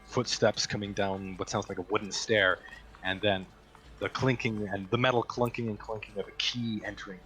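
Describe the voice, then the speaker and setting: Guy running a tabletop game, fairly low voice, lots of uhs while he narrates. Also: level tone, moderate pace, a bit bright. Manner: hesitant, filler-heavy narration. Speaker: game master.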